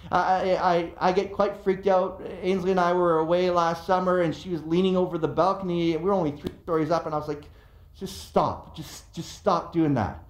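A middle-aged man preaching a sermon as pastor, telling stories in an animated, emphatic way. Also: sits high, fast talker, few pauses. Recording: echoey room.

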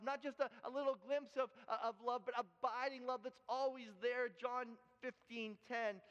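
A man's smooth, slightly bright voice sits high as he preaches, telling a personal story earnestly and often restarting or repeating words. He is a pastor from Canada, recorded in an echoey hall with dull, lo-fi quality.

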